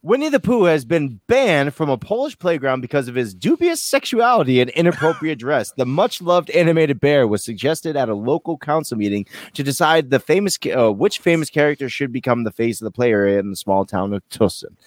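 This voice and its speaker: A man hosting a casual quiz among friends, reading out odd facts between jokes and swearing. His voice swings widely in pitch. It sounds dry and close to the mic. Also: very animated, a little fast, few pauses, dry recording. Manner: joking, laughing, swearing. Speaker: quiz host. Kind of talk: casual group quiz chat.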